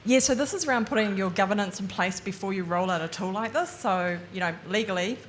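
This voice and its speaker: A woman speaking at a seminar, explaining things in a measured way. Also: mid-range voice, a little hiss or hum. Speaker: guest speaker. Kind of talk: seminar talk.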